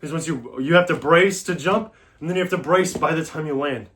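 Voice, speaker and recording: A man's voice: a little high, a little fast, fairly bright tone, slight background noise. A man giving a casual workout demonstration as a fitness vlogger, coaching in a loose, talky way.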